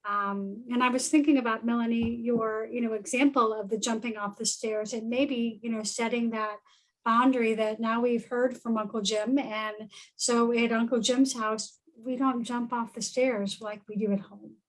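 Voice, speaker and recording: Woman, higher voice, thoughtful, fillers, webinar panelist. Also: steady tone, normal speed, poor audio. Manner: thoughtful, many fillers like um and right. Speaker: parenting educator on a webinar panel. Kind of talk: conversational webinar talk.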